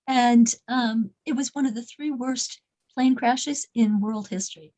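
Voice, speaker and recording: A woman leads a small group and tells them a story in a casual, unscripted way. Her voice sits high, and she stumbles and repeats words as she goes. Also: steady tone, darkish tone, poor audio. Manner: halting, repeats words and restarts often. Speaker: class leader telling a story.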